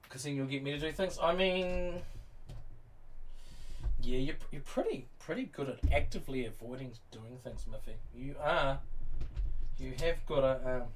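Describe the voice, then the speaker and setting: Middle-aged New Zealand-accented male streamer, teasing and rambling, mid pitch, distant mic with light background hiss. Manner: rambling, teasing, lots of fillers. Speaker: livestream host. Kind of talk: casual livestream chat. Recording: distant mic with faint noise.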